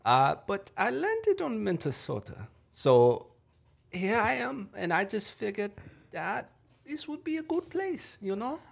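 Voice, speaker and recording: A man putting on a German accent to play a male businessman who talks haltingly and searches for words, improvised. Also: sits high, wildly swooping pitch, gravelly, voice pushed up, exaggerated voice. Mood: stiff. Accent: put-on German. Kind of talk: improvised impression game.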